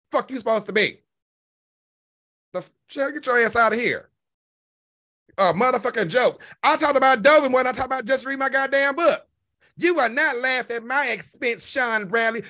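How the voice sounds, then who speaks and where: A man's voice: very high-pitched, bright, forceful tone. A man hosting an online show, delivering a sassy, profanity-heavy rant full of insults.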